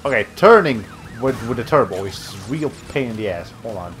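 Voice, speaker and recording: A young man chatting casually as he livestreams a racing game, his voice lively and animated as it rises and falls. He rambles, trips over his words and stops himself mid-thought, with faint game music in the background. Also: mid-range voice, moderate pace. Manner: rambling, self-interrupting, with many fillers. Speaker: streamer. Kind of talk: casual gameplay commentary.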